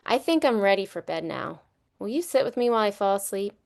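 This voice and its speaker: A woman's voice: mid-range voice, very animated, fairly quick, gravelly. A woman reading a children's book aloud, voicing a young boy who speaks plaintively to his grandmother. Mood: sad. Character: upset little boy in grandma's care. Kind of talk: storybook read-aloud.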